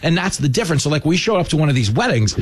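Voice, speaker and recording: A man co-hosting a casual chat, telling stories in an emphatic, animated way. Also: a little high, rapid-fire, breathy edge, no echo. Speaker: TV host.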